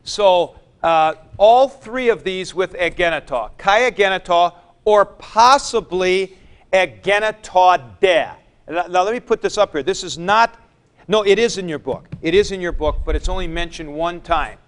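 Bright-voiced man teaching a Greek class. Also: sits high, unhurried, clear, resonant tone. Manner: explains patiently, repeats points, recites word forms. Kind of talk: classroom lecture.

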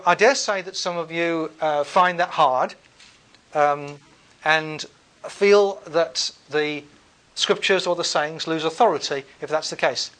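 High-voiced man lecturing a class. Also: fairly bright tone. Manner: thinking aloud with frequent fillers and restarts.

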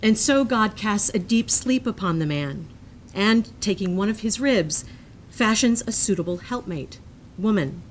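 A woman reading a prepared lecture aloud in a measured, earnest manner, sometimes breaking off into self-amused asides. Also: medium pitch, lively intonation, slight background noise.

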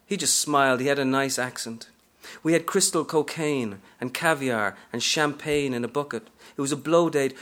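Reading from a novel, a man takes on the sassy first-person voice of a brash, streetwise hustler, an aging woman. His own voice is mid-range, fairly bright, and close to everyday speech.

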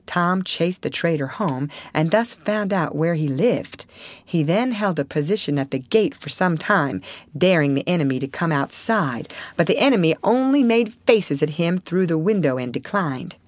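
Expressive woman narrator, lowish pitch, dry close sound, audiobook reading. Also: normal speed, no echo. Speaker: audiobook reader. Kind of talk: scripted storybook narration.

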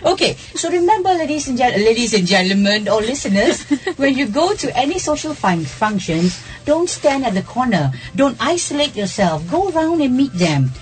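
A woman's voice: high voice, very animated, moderate pace, hardly any pauses. A middle-aged woman, hosting a radio lesson, laughing often and checking in with "yeah?". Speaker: radio English lesson host. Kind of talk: teaching workplace English on radio.

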